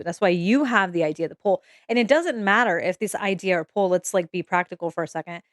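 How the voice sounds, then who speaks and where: A woman's voice: mid-range voice, no room sound, studio quality. A young woman giving a casual, emotional tarot reading to camera, swearing freely and checking in with "okay?" as she goes. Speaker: tarot reader.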